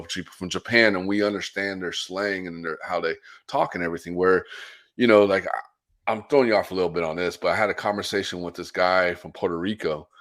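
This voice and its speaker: An American man with a fairly low voice hosts a relaxed podcast interview. He gets animated, laughs a lot and trips over his own words as ideas pile up. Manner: animated, laughs often, restarts sentences. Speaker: podcast host. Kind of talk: casual interview chat.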